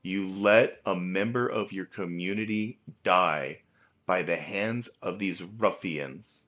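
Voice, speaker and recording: A man's voice: sits low, slow, dull audio, faint music behind, pitched below the performer's own voice. A man voicing a stern male commander who lectures an official, while losing his voice. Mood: scolding.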